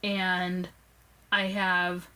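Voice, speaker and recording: A young woman casually telling a personal story to her phone camera, animated and acting out what people said. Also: very slow, clear, resonant tone, poor audio. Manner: animated, acts out quoted lines with raised pitch. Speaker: vlogger.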